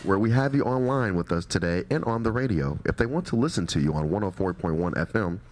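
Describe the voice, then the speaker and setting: Deep-voiced playful radio host man. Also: lively intonation, quick pace, darkish tone. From Milwaukee. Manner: laughs often, repeats phrases, teasing. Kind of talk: playful quiz game hosting. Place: radio studio.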